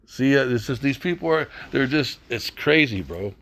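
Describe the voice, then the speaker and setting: A man's voice: medium pitch, lively intonation, normal speed, fairly bright tone. A man leads a scripture lesson, reading passages aloud and stopping to comment. He is emphatic and blunt, poses rhetorical questions to his listeners, and now and then slips into swearing. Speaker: Bible teacher.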